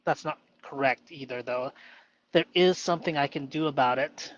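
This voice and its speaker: A man talking alone about his inner state, halting and self-questioning, who sometimes argues playfully with a mock inner voice. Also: a little high, highs cut off. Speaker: vlogger reflecting on improv. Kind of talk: solo reflective monologue.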